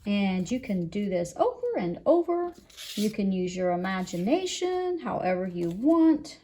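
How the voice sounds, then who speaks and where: A woman who is a children's librarian, reading a picture book aloud and showing a craft in an expressive, sing-song way. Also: medium pitch, a little slow, slight background noise. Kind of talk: storytime read-aloud and craft demo.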